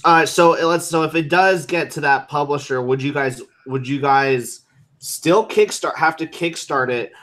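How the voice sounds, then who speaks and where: Man hosting with rambling questions. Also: mid-range voice. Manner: inquisitive, asks long rambling questions. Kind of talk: casual interview chat.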